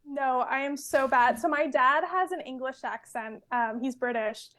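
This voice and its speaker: Podcast guest: woman, 20s, from California, fairly high voice, chatty and casual. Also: normal speed. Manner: chatty, fillers and laughs, relaxed storytelling. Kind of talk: casual interview chat.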